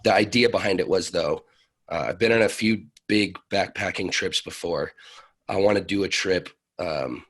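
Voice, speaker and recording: Male podcast guest, low and husky, easygoing storyteller. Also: normal speed, a bit bright. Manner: laid-back storytelling with loose phrasing. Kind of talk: casual conversation.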